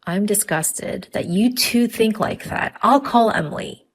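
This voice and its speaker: A woman voicing an angry middle-aged father-in-law who loudly scolds his wife and son in a narrated story. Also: mid-range voice, measured pace, breathy edge, pitched above the performer's own voice. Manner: loud, scolding.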